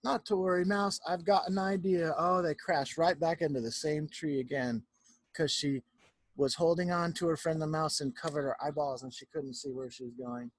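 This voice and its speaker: A male teacher reading a picture book aloud to young children over a video call from home, narrating in an animated way and checking in with them. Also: on the high side, moderate pace, dry recording. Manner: warm, animated storyteller who keeps checking in with the children.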